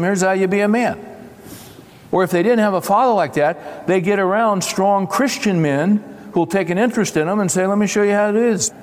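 Older male preacher in a reverberant hall. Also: on the high side. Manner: folksy, conversational preaching with acted-out dialogue. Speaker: pastor. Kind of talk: sermon. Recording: long reverb of a large hall.

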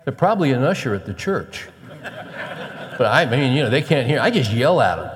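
A man's voice: big pitch swings, brisk, long reverb tail. A male pastor preaching a conversational sermon, moving from casual asides to emphatic encouragement. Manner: conversational, rising to emphatic urging, with quoted scripture read low.

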